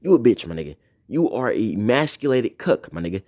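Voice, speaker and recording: A man's voice: lowish voice, sing-song, fairly quick, highs cut off. A man delivering a profane, mocking tirade in a commentary video. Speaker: YouTube commentator.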